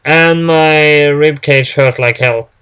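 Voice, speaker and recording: A man reading a first-person story aloud in a halting way, stumbling and restarting words often. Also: fairly high pitch, fairly bright tone, clear, resonant tone. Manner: halting, with frequent restarts and fillers.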